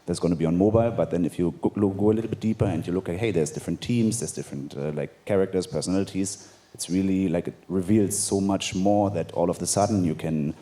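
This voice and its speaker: A man's voice: low voice, fast, mellow. A man speaking as a panelist on a theater stage, enthusiastic and filling his sentences with "like". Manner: enthusiastic, heavy use of "like" fillers. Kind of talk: conference panel discussion.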